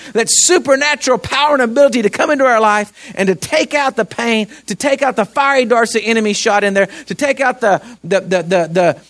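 Male pastor with a high-set voice, earnest sermon delivery that drops to a hush for stories and lifts for exhortation. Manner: earnest preaching, swings from hushed storytelling to raised exhortation; repeats words and restarts when pressing a point.

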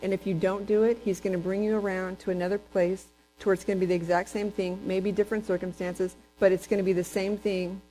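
A woman preaching a sermon, animated and conversational, breaking into high excited voices when she quotes people. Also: fast, few pauses, faint music behind, rough recording.

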